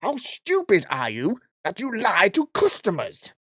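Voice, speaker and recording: A man voicing a shrill, entitled middle-aged woman shopper who scolds and makes drawn-out demands. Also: sing-song, pushed and bright, no echo, clean studio sound, full character voice. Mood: indignant. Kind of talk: reading a story aloud, voicing characters.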